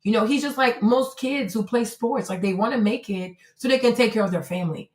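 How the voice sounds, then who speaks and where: Animated woman streamer in an echoey room. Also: fairly high pitch, brisk. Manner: animated, swears freely, exclaims in surprise. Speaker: livestream host. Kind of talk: casual livestream commentary. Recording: roomy echo.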